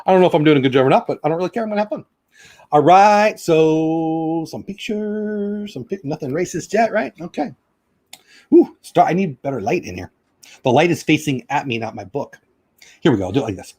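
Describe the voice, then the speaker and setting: A middle-aged man hosting a casual vlog, reading a children's rhyming book aloud in a bouncy sing-song rhythm. His slightly high voice swings widely in pitch, and he breaks off for chatty asides. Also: animated, fairly quick, a little mellow, breathy edge. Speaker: channel host.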